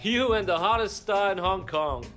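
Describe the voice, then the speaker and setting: An actor voicing a smug male crime boss in a video game, talking in a smooth, joking, businesslike way. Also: high voice, animated, moderate pace, sharp tone, soft background music. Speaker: game character.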